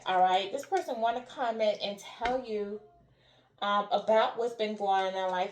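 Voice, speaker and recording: A woman's voice: medium pitch, darkish tone, reverberant, slight background noise. A woman giving a spiritual tarot reading who keeps checking in with "all right?" and "okay?". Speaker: tarot reader.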